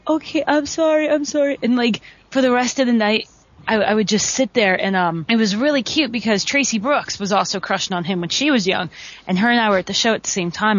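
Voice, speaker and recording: A woman in her thirties, a wrestler, telling stories in a chatty, animated way as an interview guest. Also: mid-range voice. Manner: chatty, animated, lots of "like" fillers. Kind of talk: casual storytelling over a call. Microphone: phone. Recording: dull lo-fi phone-line audio.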